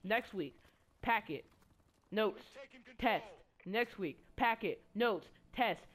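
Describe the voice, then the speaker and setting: A woman's voice: medium pitch, expressive, takes it slowly. Rambling, cursing teenage girl. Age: teens. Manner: rambling, stammering, profane. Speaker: student vlogger. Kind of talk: casual storytelling while gaming.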